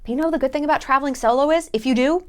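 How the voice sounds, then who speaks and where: A woman's voice: high-pitched, very fast. A woman travel vlogger giving casual advice in a blunt, jokey, sometimes profane way.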